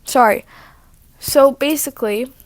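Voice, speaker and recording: A woman telling a casual story on her vlog, rambling and chatty as she interrupts herself. Her voice sits fairly high for a woman. She records on her own mic in a living room with a dry, close sound. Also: a little slow, dry recording. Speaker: vlogger. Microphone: own microphone.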